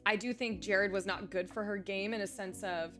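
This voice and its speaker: A woman talks casually on a live stream, keeping a middle pitch for her sex. She chats freely and breaks off to answer viewers in the chat. Faint music plays behind her. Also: steady tone, moderate pace, a bit bright. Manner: chatty, reacting to viewers' chat messages. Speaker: livestreamer and former reality show contestant.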